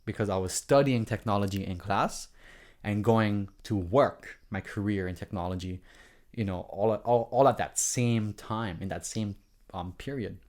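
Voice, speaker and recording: A man's voice: on the low side, unhurried, darkish tone. Earnest rambling man with a Hawaiian accent. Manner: earnest, rambling, with frequent restarts and asides. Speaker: vlogger. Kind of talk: casual storytelling vlog.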